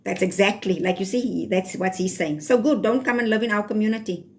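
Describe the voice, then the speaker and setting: A woman's voice: mid-range voice, steady tone, a little fast. A woman with a South African accent hosting a live stream, reading comments aloud and firmly scolding viewers, slipping into Afrikaans phrases. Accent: South African (Cape Town). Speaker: livestream host.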